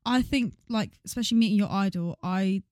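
A young woman chats briskly and warmly agrees along as a podcast co-host. Her voice sits at a middling pitch and moves at a fast clip. The sound is dry and close. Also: no echo. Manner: chatty, agreeable, quick to laugh. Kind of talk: casual chat.

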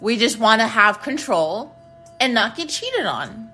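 A woman's voice: a little high, big pitch swings, a little slow, pushed and bright. Woman, casual rant, blunt, profane, rambling, faint background music. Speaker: host.

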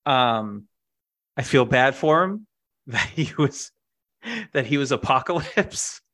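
Slow, rambling podcast co-host, a man. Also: medium pitch, expressive, fairly bright tone. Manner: rambling, many fillers and restarts; acted on stage. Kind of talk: casual chat.

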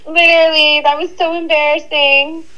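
A woman's voice: high-pitched, little pitch movement, normal speed, bright, forceful tone, dull audio. A young woman co-hosting a podcast, chatting casually and agreeably, often saying "literally". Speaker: podcast co-host. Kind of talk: casual chat.

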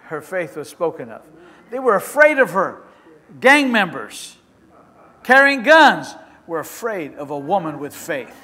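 Bright-voiced preaching man, hall reverb. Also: high-pitched, very animated. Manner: impassioned preaching, swelling to shouts; halting restarts while telling stories. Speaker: pastor. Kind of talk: sermon. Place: church sanctuary with a responding congregation. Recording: long reverb of a church hall.

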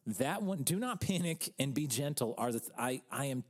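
A man's voice: medium pitch, expressive, moderate pace. A man, the pastor co-hosting a church podcast, chatting casually in a joking, rambling way and repeating himself as he goes.

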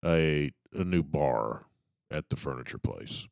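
A man's voice: extremely low pitch, lively intonation, slow pace, vocal fry, darkish tone, dry recording, studio quality. A man in a casual chat telling anecdotes and laughing as he goes.

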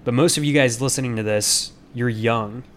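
An earnest man in the middle pitch range, reflecting aloud on his podcast. He rambles and restarts in a casual monologue that is full of fillers. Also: normal speed. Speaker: podcast host.

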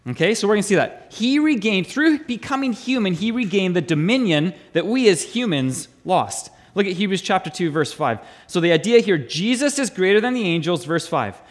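Pastor, male, high animated voice; chatty sermon delivery that quizzes the room. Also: moderate pace, hardly any pauses. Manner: chatty, asks the congregation questions, repeats words. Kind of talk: conversational sermon.

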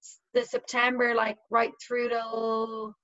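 A fairly high-voiced young woman in her twenties chats easily as an interview guest, filling her talk with little fillers. The recording sounds a bit dull and lo-fi. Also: completely flat delivery, slow pace, fairly bright tone. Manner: chatty, uses many fillers. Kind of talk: casual conversation.

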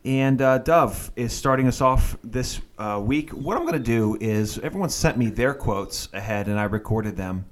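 A man's voice: medium pitch, moderate pace, few pauses. A man hosting a casual podcast about movies, easygoing and hesitant, with many fillers. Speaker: podcast host.

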